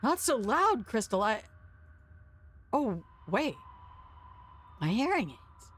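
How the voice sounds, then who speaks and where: A woman's voice: fairly high pitch, sing-song, takes it slowly, husky, exaggerated voice. A woman voicing a vain, flustered aging male rock star in a story game.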